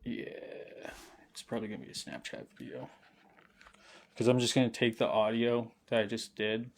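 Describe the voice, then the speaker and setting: A man's voice: fairly low pitch, lively intonation, normal speed, gravelly, slight background noise. A young man telling a rambling, profane story on a late-night livestream, laughing often and sounding intoxicated. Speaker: streamer.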